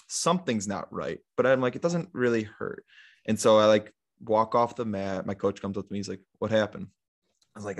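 A young man with a fairly low pitch chats as a podcast guest, telling a long story in a laid-back, wandering style. His telling is packed with fillers and recounted quotes.

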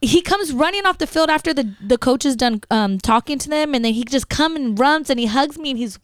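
A woman's voice: high voice, expressive, brisk, dry recording. A woman in her thirties, a podcast co-host, telling an emotional family story in casual chat and swearing freely.

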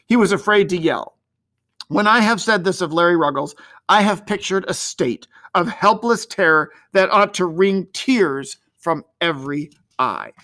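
A man narrating an old-fashioned storybook in an expressive, gently dramatic way. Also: fairly high pitch.

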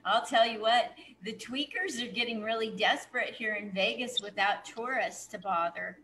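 A woman's voice: a little high, moderate pace, pushed and bright, a little hiss or hum, low-quality recording. A woman hosting a casual comedy podcast interview, reacting with short interjections. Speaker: podcast host.

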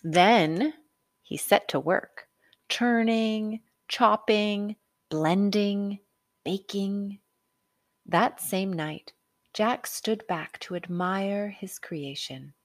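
A woman narrating a children's storybook aloud, expressive and unhurried. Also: medium pitch, dry recording, studio quality.

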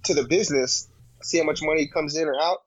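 Guy rambling in slang on a podcast, kinda high voice, muffled dry mic. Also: fast, no echo. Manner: rambling, slangy, with many fillers and restarts. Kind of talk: casual chat.

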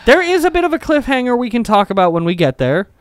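Excitable podcast co-host man. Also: extremely high pitch, fast, clear, resonant tone. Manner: joking, excitable, swears freely. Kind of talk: casual chat.

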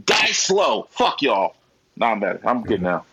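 A man co-hosting a podcast in casual chat, animated and profane, acting out his own reactions with a husky voice. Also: on the low side, measured pace, poor audio. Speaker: podcast co-host.

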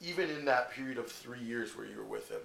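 A man's voice: mid-range voice, fast, gravelly, fairly bright tone. Chatty Canadian guy in a roomy space. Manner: chatty, filler-heavy, laughs often. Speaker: podcast co-host. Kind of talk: casual podcast chat. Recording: roomy echo, faint noise.

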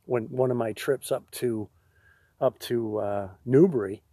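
Husky man spinning hunting yarns. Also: mid-range voice, a little slow, warm tone, no room sound. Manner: rambling, laughing through his own stories. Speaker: podcast co-host. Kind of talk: casual storytelling chat.

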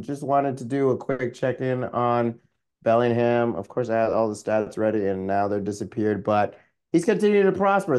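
Medium in pitch, this man's voice is clean in tone and a little mellow. On the sports podcast he co-hosts, his casual talk rambles along, full of fillers and restarts.

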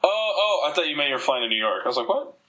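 Bright-voiced man telling stories on a podcast. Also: medium pitch, rapid-fire, slight background noise, rough recording. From Dominican. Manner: rambling, profane, animated storytelling. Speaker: podcast host. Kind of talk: casual chat.

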